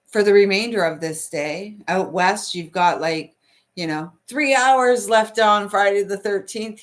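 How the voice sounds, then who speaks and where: In a voice on the low side, a middle-aged woman with a Canadian accent runs a spiritual live stream. Her casual chat is soothing and talkative, and she reads viewers' comments out loud.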